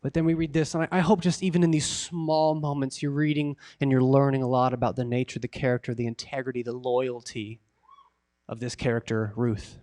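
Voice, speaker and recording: A man preaching a sermon as a pastor, earnest and emotional, sometimes dropping to a hushed, intimate tone. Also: mid-range voice, flat delivery, fairly quick. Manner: earnest, emotional preaching with sudden drops to quiet.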